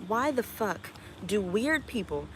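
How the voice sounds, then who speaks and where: A young woman streamer talking casually to her chat, blunt and profane, with quick laughs and sudden loud outbursts. Her pitch sits in a middle range. A faint noise hums under her voice. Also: sing-song, poor audio. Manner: blunt and profane, reading chat aloud and snapping back.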